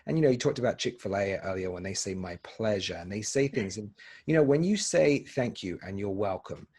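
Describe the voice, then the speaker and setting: A man's voice: on the low side, lively intonation, fairly quick, a little mellow, breathy edge. A man hosting a podcast interview, earnest and rambling, often repeating his words. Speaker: podcast host. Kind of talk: casual interview chat.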